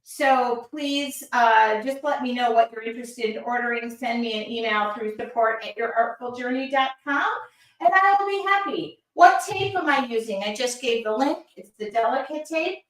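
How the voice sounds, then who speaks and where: A woman with a fairly high voice, speaking at a moderate pace, hosts a live art demo and chats casually while painting. She reads viewer comments aloud, and the roomy recording leaves her voice distant and somewhat off-mic.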